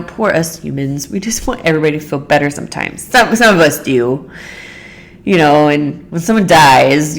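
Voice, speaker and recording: A woman with a low, deep voice hosts her own podcast alone, talking things through in a casual monologue. She rambles earnestly, restarting her sentences and leaning on "like" and "you know" as she works out what she means. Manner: earnest, rambling, many "like" fillers. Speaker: podcast host.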